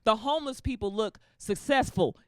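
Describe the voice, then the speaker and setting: A woman performing a stand-up comedy set, telling stories with animated delivery and acting out other people's voices. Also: on the high side, moderate pace. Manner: animated storytelling with acted-out voices. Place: comedy club stage with live audience. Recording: live crowd laughter behind.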